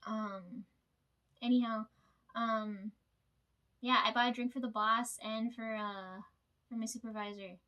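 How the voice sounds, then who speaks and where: A woman in her late twenties chats her way through a long storytime, wandering off track and cursing freely. Her voice sits a touch high, and she talks in the loose, unscripted way of a vlogger catching up with viewers. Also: fairly even intonation, unhurried, long pauses, bright, forceful tone, lo-fi sound. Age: late 20s. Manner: rambling, sidetracked, swears freely. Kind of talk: casual storytime chat.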